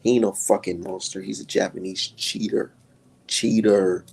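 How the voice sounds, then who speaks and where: A low-pitched man with a gravelly, husky voice rants on his live stream. He swears constantly and his pitch leaps up when he gets worked up, then drops back down into a rough mutter. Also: fairly even intonation, measured pace, darkish tone. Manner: heated, profane, swinging pitch. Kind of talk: profane live-stream rant.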